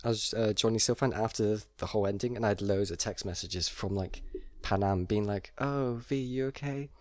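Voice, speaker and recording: A man's voice: fairly low pitch, level tone, fairly quick, darkish tone, dry recording. A man chatting casually about a video game, rambling with fillers and frequent laughs.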